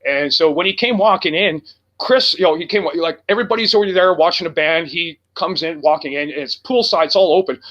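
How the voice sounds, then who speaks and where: A man's voice: on the high side, fairly quick, a bit bright, muffled recording. A man who fronts a rock band, telling a road story in casual chat, rambling and swearing with lots of fillers. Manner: rambling and profane, heavy with fillers. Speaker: guest, rock band singer.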